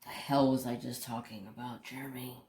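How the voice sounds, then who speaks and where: A man's voice: mid-range voice, level tone, a little fast, a little mellow, slight background noise. Rambling man chatting in an echoey room. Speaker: crafting channel host. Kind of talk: casual storytelling chat while crafting. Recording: roomy echo.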